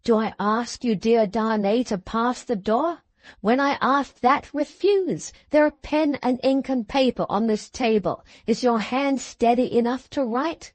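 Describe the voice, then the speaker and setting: Young Englishman, calm, urgent, commanding, read by a woman, high voice, dry close sound. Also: unhurried, no echo. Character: steady, urgent young Englishman, selfless rescuer.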